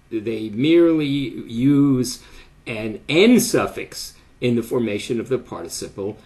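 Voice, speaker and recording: An older man giving an academic lecture, speaking deliberately with frequent pauses and fillers. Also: medium pitch.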